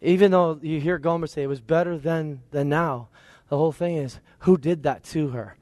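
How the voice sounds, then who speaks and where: High-voiced man preaching a lively sermon. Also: normal speed, dry recording. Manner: conversational, lively, with playful asides and quoted voices.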